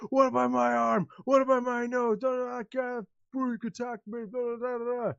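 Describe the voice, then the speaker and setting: A man doing a shrill outraged worker. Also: little pitch movement, moderate pace, gravelly, clean tone, no echo, muffled recording, exaggerated voice. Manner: shouting, indignant protest. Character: angry injured male worker, indignant and loud.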